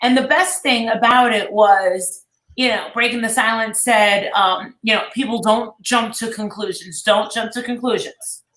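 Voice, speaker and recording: A woman's voice: a little high, fairly even intonation, unhurried, fairly bright tone. A woman hosting a casual online chat, rambling and swearing freely as she retells what others said. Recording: echoey room.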